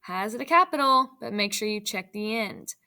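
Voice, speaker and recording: A woman teaching an online grammar lesson to young children, speaking slowly and clearly with encouragement. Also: mid-range voice, expressive, sharp tone. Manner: slow, clear and encouraging, reading sentences aloud.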